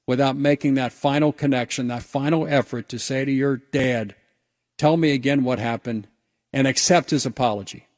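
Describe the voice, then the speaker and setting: Radio host, male, mid-pitched voice, earnest reflective storyteller, dry close studio sound. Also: moderate pace, no room sound. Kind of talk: personal story told on radio.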